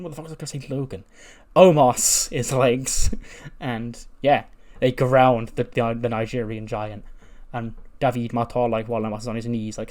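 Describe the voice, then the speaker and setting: A man's voice: medium pitch, a little mellow. A man giving a casual, rambling recap of a wrestling game, swearing and laughing at results. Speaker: game commentator.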